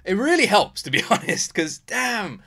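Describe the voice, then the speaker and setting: Excitable British guy, bright voice. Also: high voice, normal speed, vocal fry. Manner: openly emotional, excitable, lots of fillers. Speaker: music reaction host. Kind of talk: casual chat.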